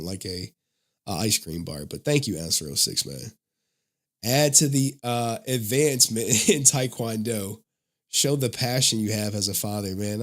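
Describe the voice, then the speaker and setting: A man's voice: lowish voice, a bit bright. A man hosting a livestream, chatting casually to his viewers, loose and slangy, often laughing. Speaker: livestream host.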